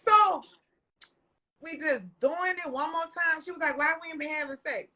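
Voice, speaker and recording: A woman tells stories as a podcast guest. Her voice sits high and sounds bright and forceful. She talks loudly and animatedly, swearing freely and breaking into laughter. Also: moderate pace, pauses often. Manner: loud, animated and profane, laughing often. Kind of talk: casual storytelling chat.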